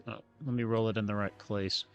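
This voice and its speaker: A man's voice: fairly low pitch, flat delivery, fairly quick, creaky, muffled recording, soft background music. A man playing a tabletop game, joking around and muttering to himself while he rolls dice. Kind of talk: casual game chat.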